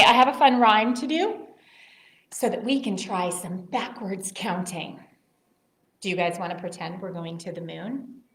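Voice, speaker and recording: A woman librarian reading picture books aloud at story time, gentle and expressive, cheerful and encouraging with young children. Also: on the high side, roomy sound.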